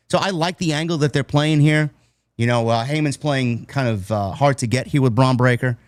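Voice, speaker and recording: A man's voice: fairly high pitch, no echo. Casual New York man recapping wrestling. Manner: recounts events loosely, quoting wrestlers in quick asides. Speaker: podcast host.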